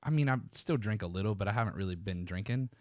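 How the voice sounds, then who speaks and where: Male podcast host, low pitch, dry close mic, easygoing. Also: lively intonation, fast talker, dry recording. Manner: short agreeing replies, laughs easily. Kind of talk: casual chat.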